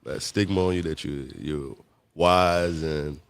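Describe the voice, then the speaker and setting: A man in his twenties from Virginia, a radio guest speaking in an earnest, measured way. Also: a bass voice, gravelly, clear, resonant tone, no echo. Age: 20s. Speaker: guest, mayoral candidate. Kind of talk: interview talk.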